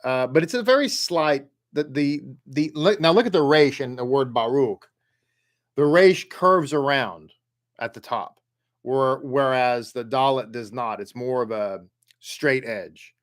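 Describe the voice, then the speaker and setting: Male Hebrew tutor, mid pitch, unhurried, drills syllables, keeps checking in with the class. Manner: patient, repeats sounds slowly for learners; halting restarts, frequent "okay?" check-ins. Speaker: Hebrew reading teacher. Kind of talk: online class instruction.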